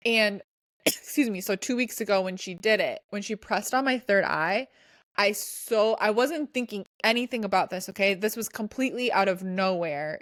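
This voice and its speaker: A woman co-hosting a podcast tells a story in a casual, chatty way, rambling along with lots of restarts and plenty of "like." Her voice is medium in pitch, and the recording is dry and studio quality.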